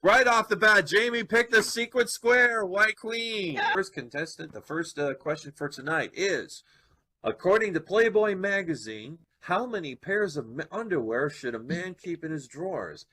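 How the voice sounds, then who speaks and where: A man's voice: high-pitched, expressive, moderate pace, bright, forceful tone. Upbeat man hosting a game show. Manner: upbeat, chatty.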